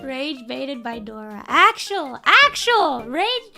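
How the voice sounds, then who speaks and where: A woman streamer telling a childhood story in casual chat, animated and laughing often, with sudden shouted impressions. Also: high voice, takes it slowly, gravelly. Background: soft background music.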